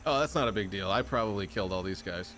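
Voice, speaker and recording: A man's voice: on the low side, fast, a bit bright, slight background noise. A man streaming a video game, chatting casually with viewers in joking, rambling, self-mocking banter. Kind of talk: casual live-stream chat. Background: game music.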